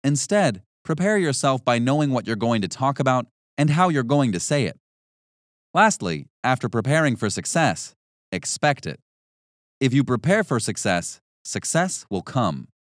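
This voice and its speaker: Male narrator, instructive audiobook read, lively pitch, dry close recording. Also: no echo. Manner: measured, instructive, varied emphasis.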